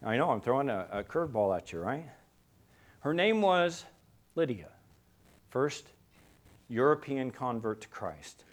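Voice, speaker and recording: A man preaching a sermon. He swings from quiet, low passages to loud, emphatic peaks and asks the congregation rhetorical questions. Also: big pitch swings, a little slow, long pauses. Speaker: pastor.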